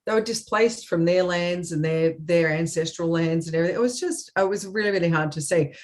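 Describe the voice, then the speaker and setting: A woman's voice: fairly low pitch, fairly quick, a little mellow. A woman co-hosting a comedy chat over a video call, telling a story in an earnest, hesitant way with many ums. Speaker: comedy show co-host.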